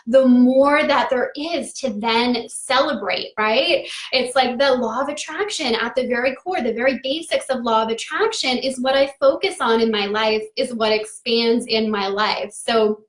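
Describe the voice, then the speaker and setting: A woman's voice: on the high side, roomy sound. A woman in her thirties hosting a live-stream astrology talk, upbeat and affirming, greeting viewers by name.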